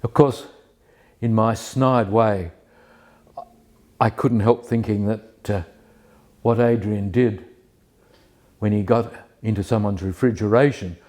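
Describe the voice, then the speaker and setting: A man telling a personal story with many pauses and restarts, then reading poetry slowly and carefully. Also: lowish voice, fairly even intonation, a little mellow. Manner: hesitant, many restarts and fillers, self-deprecating; slow, measured recitation of verse. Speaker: community member sharing a personal story.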